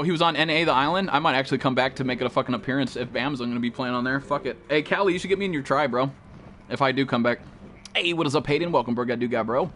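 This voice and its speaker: A man's voice: fairly high pitch, fairly bright tone, a little hiss or hum. A man live-streaming a game, chatting casually and profanely with viewers and greeting them by name.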